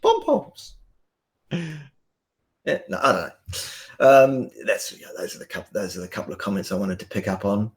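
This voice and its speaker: A man, a guest on a live stream, talking bluntly and forcefully with many ums and restarts, over a video call. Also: deep voice, quick pace. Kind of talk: casual live-stream talk.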